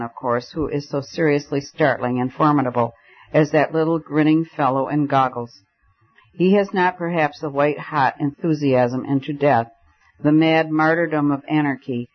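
A man's voice: a little high, moderate pace, close to an everyday voice. A man reading as a stern, anxious old professor. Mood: grave, urgent. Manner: earnest, urgent, stern. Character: grave, anxious older male professor, stern mentor. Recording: dull lo-fi recording.

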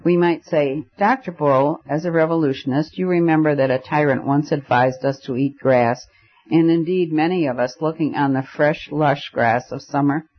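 A man playing a witty young gentleman who banters with whimsical playfulness. The voice sits a bit high, on a dull, lo-fi recording. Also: normal speed, lightly acted. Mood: playful.

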